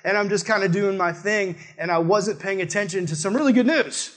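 A man's voice: high voice, brisk, a bit bright. A man preaching a sermon in a conversational, emphatic way, speaking straight to his listeners.

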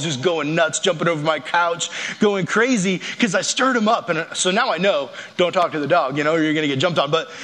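Young guy youth pastor, high voice, joking around while he preaches, big echoey hall. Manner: energetic, casual, jokey storytelling. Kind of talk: youth sermon with stories.

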